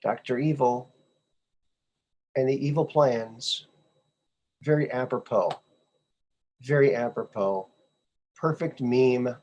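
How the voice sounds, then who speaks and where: A man hosting his own podcast, reacting to memes in an unhurried, drawn-out way. He sounds sarcastic and scoffing and says things twice for effect. His voice sits at an ordinary middle pitch for a man. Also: a little mellow. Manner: sarcastic, scoffing, repeats himself. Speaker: podcast host. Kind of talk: casual commentary on memes.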